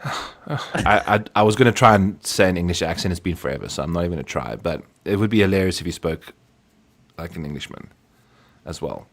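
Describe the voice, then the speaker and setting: A man's voice: low voice, lively intonation, fairly quick, fairly bright tone. A man from Africa, co-hosting a podcast in casual, teasing banter. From South Africa. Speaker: podcast co-host. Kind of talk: casual chat.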